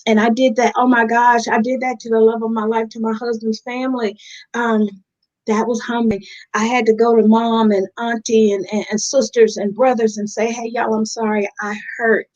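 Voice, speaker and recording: A woman's voice: fairly high pitch, flat delivery, moderate pace, darkish tone, dull audio. A woman, speaking earnestly and from the heart as an interview guest. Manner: earnest, heartfelt, addresses listeners as y'all. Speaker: guest in recovery. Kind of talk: candid interview talk.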